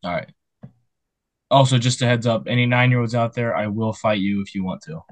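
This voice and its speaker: A man's voice: medium pitch, a little fast, dry recording. A jokey young man reading news stories on a casual podcast, his voice in a medium range. The sound is dry and close. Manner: jokey, laughs while talking. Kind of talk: casual chat.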